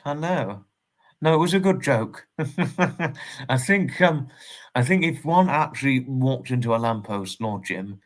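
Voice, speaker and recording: English male livestream host, mid-pitched, rambling and repetitive, politely formal with viewers. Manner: rambling, repeats himself, polite and formal phrasing. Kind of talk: casual livestream chat, greeting viewers and reading messages.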